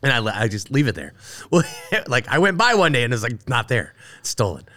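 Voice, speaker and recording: A man in a middle pitch tells a long story on a relaxed chat show. He rambles through asides and acts out what others said to him. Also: fairly quick. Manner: rambling, full of asides and acted-out quotes. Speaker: guest, brewer.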